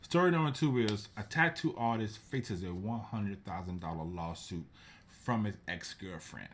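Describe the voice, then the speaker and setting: Male vlog host, relaxed and slangy, lower-pitched, casual storytelling read. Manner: laid-back slangy storytelling. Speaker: show host. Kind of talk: casual news commentary vlog.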